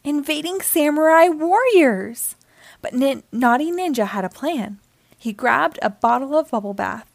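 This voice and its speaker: A woman hosting storytime, reading a children's book aloud with expressive storytelling. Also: a little high, normal speed, creaky, no echo. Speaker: storytime host.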